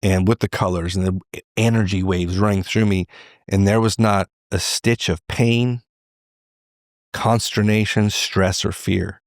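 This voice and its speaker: A middle-aged man, a podcast guest, telling a candid personal story in an animated way. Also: on the low side, unhurried, no room sound, clean studio sound. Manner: animated, acts out quoted voices.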